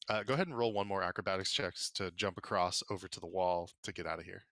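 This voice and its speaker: A man narrating as game master for a tabletop game, relaxed and casual, with many fillers. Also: low voice, no room sound. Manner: relaxed, filler-heavy narration with quick voiced bits for side characters.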